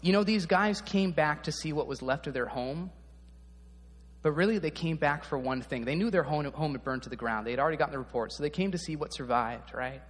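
A man preaching a sermon as a pastor, speaking in a relaxed, conversational way and often checking in with the audience. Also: fairly high pitch, a little fast, in a large hall.

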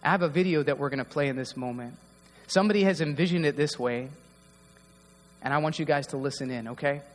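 A man's voice: on the high side, fast talker, long reverb tail. A man preaching a heartfelt, conversational sermon to his congregation in a church. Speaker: pastor. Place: church hall.

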